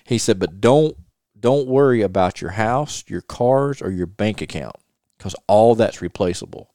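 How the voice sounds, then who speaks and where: The speaker's voice is low, dark-toned, expressive and unhurried, in a dry studio-quality recording. A middle-aged podcast host from North Carolina, he earnestly relates a personal story in a casual chat, repeating himself and reciting lengthy advice someone gave him.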